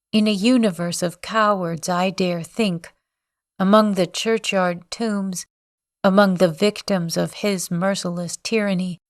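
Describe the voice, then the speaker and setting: A woman's voice: mid-range voice, no echo, studio quality. A woman reading the part of a grief-maddened old man, bitter and raving, in a storybook reading. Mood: bitter scorn. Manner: anguished, bitter, raving cries.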